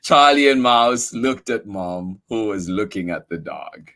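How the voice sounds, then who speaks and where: A man reading a picture book aloud to children as a storyteller, playful and expressive, with chatty asides. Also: on the low side, a little slow.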